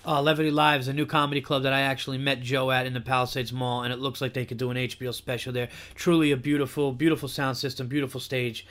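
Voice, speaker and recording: A man hosting a comedy podcast, ranting in an animated way and repeating himself for emphasis. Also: mid-range voice, fast, hardly any pauses. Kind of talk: casual comedy podcast chat.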